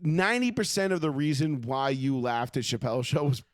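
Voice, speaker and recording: A man's voice: medium pitch, expressive, fairly quick, no echo, clean studio sound. A man hosting a casual sports podcast, talking in a profane, emphatic and opinionated way. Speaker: podcast host.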